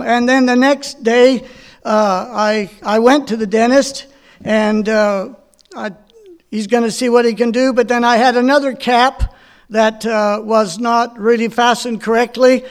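A man's voice: very high voice, steady tone, unhurried, clear, resonant tone. A middle-aged man preaching a sermon, telling folksy personal stories and asking the congregation questions. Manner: folksy storytelling with personal anecdotes. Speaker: pastor.

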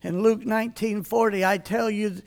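An older man preaching a folksy sermon in a high voice, reading scripture in a King James cadence. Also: steady tone, moderate pace, gravelly.

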